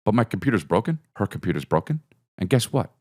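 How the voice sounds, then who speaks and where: A man hosting a podcast, telling a comedic story and acting out his own and others' lines with big jumps in his voice. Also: fast talker. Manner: animated, acts out quotes with big pitch jumps. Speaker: podcast host.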